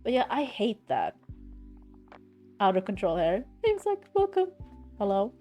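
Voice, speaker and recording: A woman's voice: mid-range voice, wildly swooping pitch, moderate pace, a little mellow, soft background music. Blunt, swearing woman streamer. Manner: blunt, ranting, swears freely. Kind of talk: casual live-stream chat.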